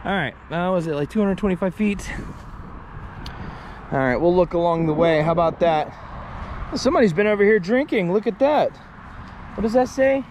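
Man vlogger, high and lively, rambling outdoors on a camera mic, traffic faint behind. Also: moderate pace, long pauses. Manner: excitable, swears freely, chatty asides. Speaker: paranormal explorer vlogger. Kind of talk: walking vlog narration to the camera.

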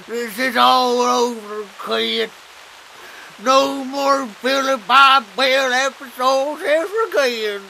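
A jittery hillbilly leader, voiced by a man, with a high, bright, creaky voice. He drags every line out with folksy exclamations in a homemade comedy musical. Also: slow pace, a little hiss or hum, heavily acted, rough recording. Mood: dramatic. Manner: folksy drawl, exclaims "dear Lordy", theatrical.

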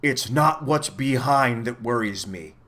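Calm, sensible watchdog, read by a man. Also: mid-range voice, unhurried. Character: steady, sensible male watchdog.

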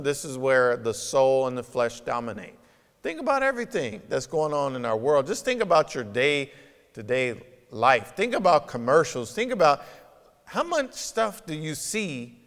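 Male pastor, slightly raised pitch, emphatic conversational sermon, long church-hall reverb. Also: fairly bright tone. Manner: emphatic, conversational preaching with rhetorical questions. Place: church sanctuary.

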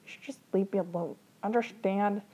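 A woman's voice: on the high side, animated, brisk, mellow, slightly rough, dull audio, voice pushed up. A woman voicing an exasperated younger brother who pleads with his sibling to drop a fight in a fan story reading. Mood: firm.

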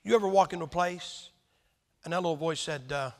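A man in his sixties delivers a folksy sermon, throwing rhetorical questions at his listeners. His voice sits high and gravelly. A long hall reverb trails behind every phrase. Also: a little fast. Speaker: preacher.

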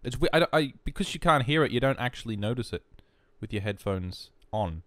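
A man's voice: medium pitch, lively intonation, fairly quick, a bit bright, no room sound. A man with an Australian accent rambling in casual, jokey, self-mocking commentary over a video game. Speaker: gaming YouTuber. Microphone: headphones and desk mic.

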